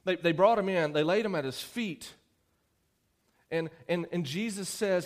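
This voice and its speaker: A young man delivers a sermon in a chatty, animated way, joking with and teasing his audience. His voice sits a little on the high side for a man. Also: a little slow, long pauses. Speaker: youth preacher.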